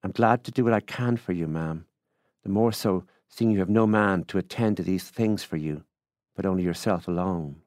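A wheedling middle-aged Irish farmer, put on by a man reading aloud, talking in a coaxing, affable, folksy way with a voice lifted and louder than the reader's own. The recording is dry and close. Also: low voice, moderate pace, no room sound, lightly acted. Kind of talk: literary reading.

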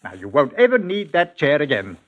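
A calm, firm country doctor. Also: male voice, a little high, brisk, lo-fi sound. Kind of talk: 1940s radio acting. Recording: old 1940s radio broadcast.

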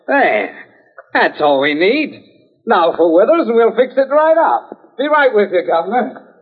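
An actor playing a smug, callous young English son with a jaunty, mocking manner, in 1940s radio acting. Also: male voice, high-pitched, very animated, a little slow, breathy edge, full character voice. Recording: tinny 1940s radio broadcast.

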